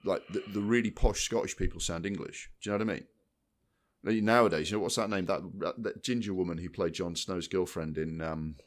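Co-hosting a film podcast, a deep-voiced man speaks at a moderate pace. His casual, lengthy talk is animated and rambling, full of restarts and repeated words.

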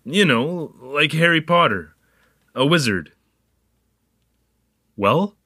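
A man's voice: on the high side, slow pace, no echo, studio quality, heavily acted. A man playing a chatty young newcomer. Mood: playful. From Canada. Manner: animated, joking, wandering asides. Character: young male newcomer keeping a spoken diary, curious, chatty. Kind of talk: audio drama narration.

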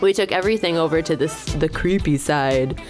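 A woman co-hosting a podcast, telling a casual story in an animated way, acting out quotes and laughing as she goes. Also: low voice, a little fast, music in the background. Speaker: podcast co-host.

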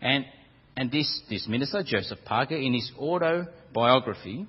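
Lively husky preacher man in a hall. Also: medium pitch, moderate pace. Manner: storytelling, lively and animated. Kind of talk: sermon. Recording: dull lo-fi church recording with long reverb.

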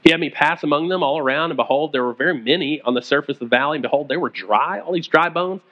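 A pastor preaching a conversational sermon, retelling stories and acting out the quoted voices. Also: male voice, a little high, fast talker, lo-fi sound.

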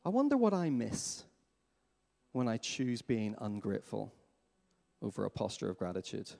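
A man preaching a sermon as pastor in a church, lively and questioning his congregation. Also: on the low side, moderate pace, creaky. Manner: animated, asks the congregation questions. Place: church hall. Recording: long hall reverb.

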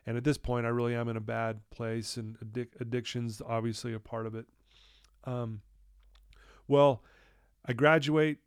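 A middle-aged man from Utah, a podcast guest telling his life story earnestly and acting out quoted dialogue in a hushed voice. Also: medium pitch, level tone, normal speed, clean tone, dry recording, clean studio sound. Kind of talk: candid podcast conversation.

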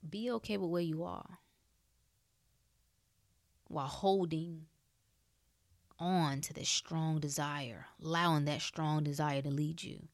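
A woman giving a motivational talk on health and spirit, preachy and emphatic, moving between loud bursts and soft hushed stretches in casual, clipped speech. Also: sits low, steady tone, slow pace, long pauses, dry recording, studio quality. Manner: casual speech with dropped words. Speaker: wellness speaker. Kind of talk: motivational monologue.

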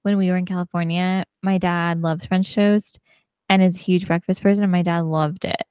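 A woman co-hosting a podcast in casual chat, talkative and quick to laugh. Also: on the low side, flat delivery, darkish tone, clear, resonant tone, no echo, studio quality. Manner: chatty, laughs often, many fillers. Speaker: podcast co-host.

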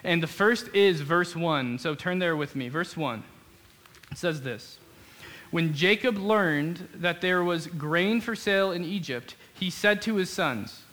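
Bright-voiced man preaching, drawl. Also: high voice, animated. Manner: conversational preaching, quick asides and acted-out quotes. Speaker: pastor. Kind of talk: sermon. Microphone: switches to a handheld mic partway.

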